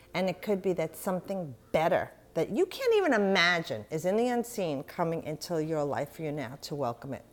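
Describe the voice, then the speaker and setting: A middle-aged woman giving a tarot reading, talking straight to the viewer in an encouraging way. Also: medium pitch. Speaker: tarot reader.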